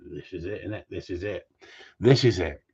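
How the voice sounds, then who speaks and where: A man's voice: sits low, normal speed, gravelly, a little mellow, slightly rough, lo-fi sound. A man who trains gundogs, chatting on a casual livestream in a blunt, ranting way with mild swearing.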